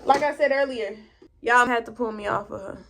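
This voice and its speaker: Animated, foul-mouthed woman vlogger. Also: a little high, fairly quick, vocal fry, slight background noise. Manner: animated, swearing, loud outbursts and exclamations. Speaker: vlogger reading and reacting to online posts. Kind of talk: casual reaction commentary while doing makeup.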